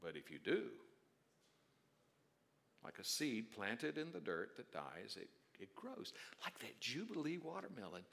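A male pastor preaching a sermon, dropping to quiet asides and then rising to loud, drawn-out emphatic declarations. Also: lowish voice, big pitch swings, creaky. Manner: stretches key words slowly for emphasis.

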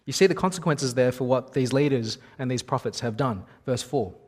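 A man's voice: medium pitch, a little fast. A man in his thirties preaching a sermon in a conversational, wry storytelling manner.

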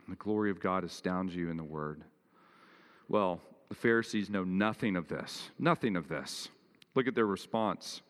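Male pastor, low voice, earnest sermon delivery that climbs for emphasis; church reverb. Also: normal speed. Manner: earnest preaching, rising in pitch and force for emphasis.

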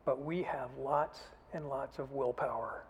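A man voicing Frog, a sensible male frog from a children's storybook, in a measured, reasoning tone. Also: medium pitch, fairly even intonation, slightly rough. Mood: dry. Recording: long hall reverb.

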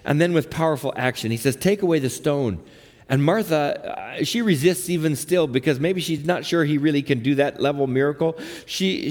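A man preaching a sermon, emphatic and then soft and low at tender moments. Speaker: pastor. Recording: long hall reverb.

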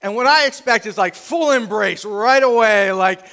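A man's voice: extremely high pitch, normal speed, sharp tone, big-room sound. A middle-aged male pastor preaching a conversational sermon, acting out the voices he quotes.

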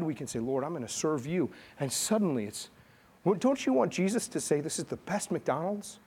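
A pastor giving an animated sermon, telling stories and asking the congregation questions. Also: male voice. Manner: animated storytelling preacher, rising in pitch and volume.

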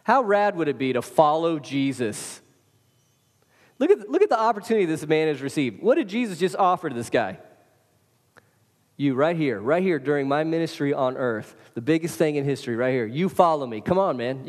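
A male pastor delivers a sermon in a loose, conversational way, pressing his points and addressing listeners directly. His voice sits a little high for a man. The sound rings with a long reverb from a large hall. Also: lively intonation, a little fast. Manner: casual, emphatic preaching with direct address to listeners.

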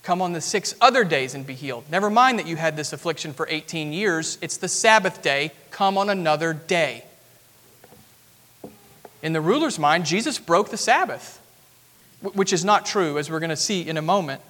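A man with a notably high voice preaches earnestly, explaining a passage step by step and swelling with emphasis at key points. His words ring out with a long reverb, as if filling a large sanctuary. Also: animated, normal speed, a bit bright. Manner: earnest expository preaching, rising emphatic at climaxes. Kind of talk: sermon.

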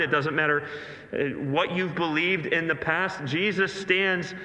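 A man's voice: on the high side, sharp tone. A male pastor preaching an earnest, emphatic sermon to a congregation in a church, with rhetorical questions. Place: large church sanctuary. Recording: echoey hall reverb.

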